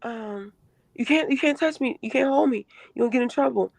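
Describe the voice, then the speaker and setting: A woman putting on the voice of a frightened young woman pleading from a hospital bed, high and urgent. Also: normal speed, gravelly, a little mellow, no echo.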